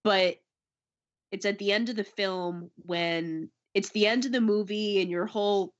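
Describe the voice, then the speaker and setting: A woman's voice: unhurried, dull audio. A woman chatting casually about films, acting out quotes and reactions with big swings in her voice. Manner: animated, acts out quotes with big pitch jumps. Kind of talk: casual film chat.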